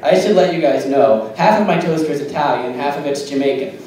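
High-voiced man doing absurd stand-up. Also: brisk, slight background noise. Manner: deadpan, punny, giggling at own jokes. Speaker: stand-up comic. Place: small bar stage. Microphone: phone camera. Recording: echoey bar, phone from far off, crowd.

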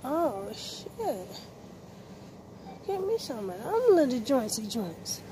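A woman's voice: high-pitched, big pitch swings, slow pace. A woman vlogging while shopping, talking to herself in slang and short of breath behind a face mask, recorded on a phone inside a store. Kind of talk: casual shopping vlog. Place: indoors in a discount store. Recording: noisy store background.

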